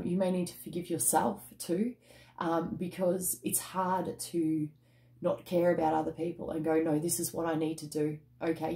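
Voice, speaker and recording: A woman's voice: deep voice, a little mellow. A woman giving a casual tarot reading, chatty and emphatic with mild swearing and a habit of ending lines with "okay?". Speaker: tarot card reader.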